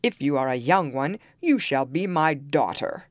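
A woman booming as a huge man-eating ogre. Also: lively intonation, dry recording, clean studio sound. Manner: loud slow booming delivery.

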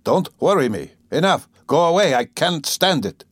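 A man's voice: medium pitch, expressive, normal speed, dry recording, clean studio sound, pitched above the performer's own voice, close to an everyday voice. A man reading a feverish irritable young man. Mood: irritable, strained. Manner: curt, strained.

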